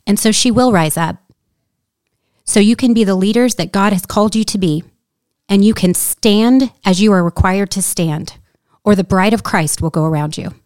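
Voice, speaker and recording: A woman's voice: medium pitch, normal speed, a little mellow, no echo. A woman telling a story in casual conversation, speaking earnestly and shifting into preacher-like emphasis. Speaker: guest.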